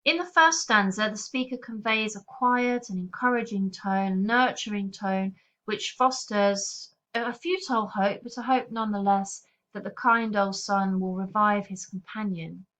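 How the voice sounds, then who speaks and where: Casting note: female teacher, clear steady explainer, mid pitch, slightly dull lo-fi audio. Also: unhurried. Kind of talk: recorded poetry lesson.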